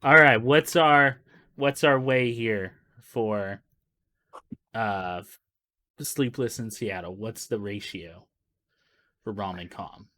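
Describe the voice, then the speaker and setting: Man, podcast co-host, bright voice, animated laughing storyteller, casual swearing. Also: fairly low pitch, slow pace, pauses often. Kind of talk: casual movie-review chat.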